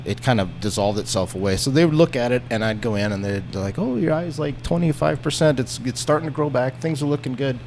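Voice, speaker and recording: This podcast guest, a man with a medium-pitched voice, spins a story during relaxed chat, swearing freely and voicing the characters with lots of energy. A faint hiss or hum sits under the audio.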